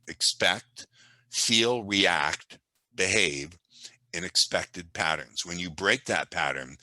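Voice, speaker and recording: Deep-voiced, talkative man telling stories. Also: no echo, rough recording. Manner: animated, talkative storyteller. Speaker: podcast guest, hypnosis and sales trainer. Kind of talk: conversational storytelling.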